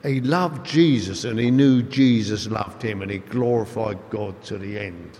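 A man preaching a sermon, telling stories in an animated, emphatic way. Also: fairly low pitch, measured pace, gravelly. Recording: echoey hall with long reverb.

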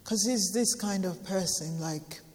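A woman in her forties gives a tearful testimony in a church hall, her unhurried words trailing into a long echo. She halts and repeats phrases for emphasis, and her voice sits at a middle pitch. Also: darkish tone. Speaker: church member sharing a testimony. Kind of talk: emotional personal testimony.

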